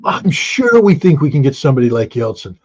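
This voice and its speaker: A man with a husky, slightly rough voice argues his points bluntly in an interview, swinging between punchy emphasis and quick asides. The audio is dull and lo-fi, as if the highs were shaved off. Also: very animated, a little mellow. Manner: emphatic, blunt, rhetorical questions. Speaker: guest commentator. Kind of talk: opinionated interview talk.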